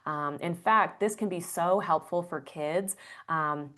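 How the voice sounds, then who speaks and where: A woman with a lowish, fairly bright voice speaks slowly as a guest on an interview podcast. Answering conversationally, she explains breathwork earnestly and uses a lot of fillers.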